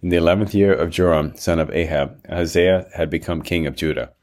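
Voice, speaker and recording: Male scripture narrator, very low pitch, measured and steady.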